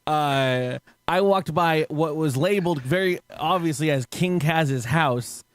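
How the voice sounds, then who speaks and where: A man's voice: a little high, unhurried, no echo. A man hosting a podcast in casual chat, telling stories loosely with frequent laughs and swearing. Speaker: podcast host.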